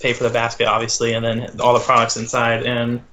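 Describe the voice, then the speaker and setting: A teenage boy as a guest in a casual interview, talking haltingly with many fillers. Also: medium pitch, monotone, pushed and bright, slight background noise. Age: teens. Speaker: guest, small business owner.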